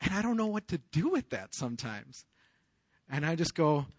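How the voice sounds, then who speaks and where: A pastor in his thirties preaches with an earnest, confessional tone, his bright, tense voice sitting high for a man. He drops to a hush, then bursts out loud and animated. The sound is dry and close, with no room echo. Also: moderate pace. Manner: earnest and confessional, swinging from hushed to loud raised outbursts. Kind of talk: sermon.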